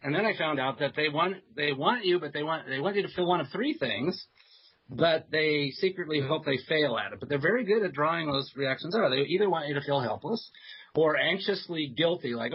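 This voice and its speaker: A man who is a psychiatrist, telling stories as a guest on a talk radio show, hesitant with fillers and soft laughs. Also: fairly high pitch, moderate pace, slightly rough. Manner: chatty storyteller with many fillers and soft laughs. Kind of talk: radio interview anecdote. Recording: dull lo-fi radio audio.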